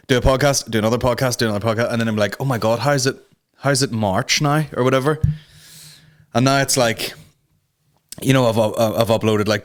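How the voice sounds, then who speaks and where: Sweary podcast host. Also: male voice, medium pitch. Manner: sweary, rambling, sarcastic. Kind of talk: casual comedic monologue.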